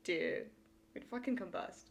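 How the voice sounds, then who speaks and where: A woman co-hosting a casual episode recap, animated and joking. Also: fairly low pitch, measured pace, creaky. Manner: animated and joking, prone to loud laughing outbursts. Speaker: podcast co-host.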